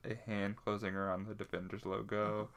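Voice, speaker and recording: A man's voice: fairly low pitch, flat delivery, fairly quick, fairly bright tone, clean tone. A man co-hosting a casual podcast chat, rambling with plenty of fillers and restarts. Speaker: podcast co-host.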